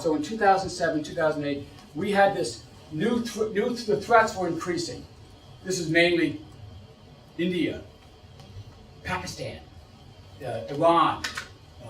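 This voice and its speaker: A middle-aged American man, a policy expert, delivers a lecture to an audience in an echoey room, his somewhat high voice picked up by a distant mic. He is animated, poses rhetorical questions, and repeats phrases.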